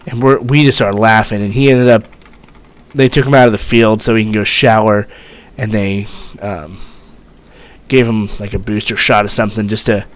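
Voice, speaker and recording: A young man, a former Marine, telling a story in a rambling, profane way, full of fillers. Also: lowish voice. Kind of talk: casual storytelling vlog.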